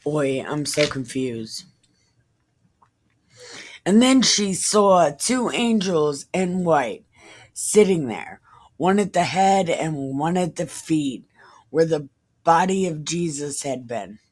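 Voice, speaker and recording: Slow-talking woman reading scripture irreverently. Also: sits low. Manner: profane, confused asides, deadpan jokes. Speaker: Bible reading host. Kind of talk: irreverent casual Bible reading with commentary.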